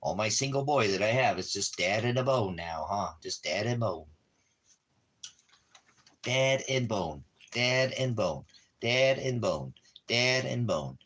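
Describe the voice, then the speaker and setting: A man talking softly to his dog in doting, repetitive baby talk, now and then addressing his viewers. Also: lowish voice, lively intonation, slow. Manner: soft, doting baby talk with repeated phrases. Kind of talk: casual talk to a pet.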